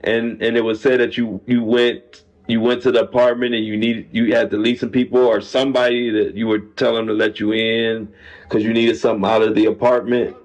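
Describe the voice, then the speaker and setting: A man's voice: medium pitch, flat delivery, a little fast, darkish tone. A man interviewing someone, asking questions in a stumbling way with repeated words. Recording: muffled clip.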